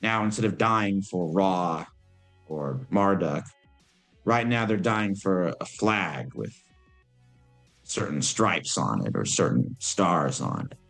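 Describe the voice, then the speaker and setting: A man voicing Lilith, an ancient female demon who is calm and worldly, speaking in a measured, musing way. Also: sits low, vocal fry, soft background music, exaggerated voice.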